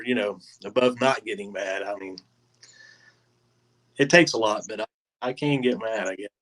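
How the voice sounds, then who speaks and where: A man, a guest angler, answering questions in a laid-back way with many pauses and ums. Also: mid-range voice, a bit bright, low-quality recording. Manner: laid-back, hesitant, lots of ums and trailing off. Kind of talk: casual interview answers.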